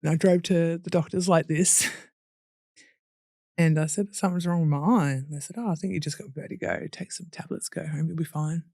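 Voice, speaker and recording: Brisk and creaky, with a steady, low and slightly mellow voice, a young Australian woman appears as a podcast guest. She tells her difficult story without softening it, swearing, laughing through painful memories and acting out others' words. Studio quality, no echo.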